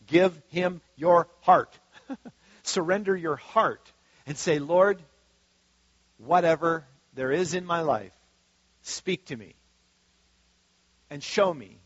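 A man's voice: fairly high pitch, slightly rough, no echo, dull audio. A man preaching a sermon as pastor in a conversational way, with frequent asides and restarts.

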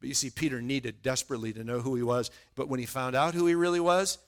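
A man's voice: mid-range voice, fairly even intonation, fast, few pauses. A middle-aged man preaching a sermon in a conversational way, often repeating words as he starts a thought. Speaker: pastor.

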